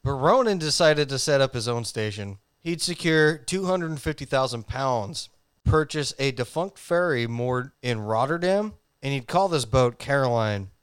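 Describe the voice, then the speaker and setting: A man's voice: mid-range voice, animated, normal speed, smooth, no echo, clean studio sound. A man co-hosting a casual podcast, telling a history story in a jokey way and laughing often. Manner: jokey, laughs often, reads facts loosely.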